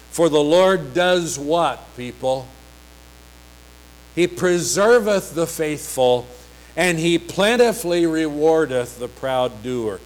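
A man preaching a sermon, reading scripture slowly and emphatically, with rising, pleading passages. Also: medium pitch, low-quality recording.

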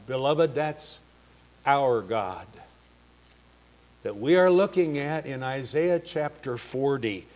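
A man preaching a sermon, slow and emphatic, asking the congregation rhetorical questions. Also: medium pitch, lively intonation, a little mellow. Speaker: pastor.

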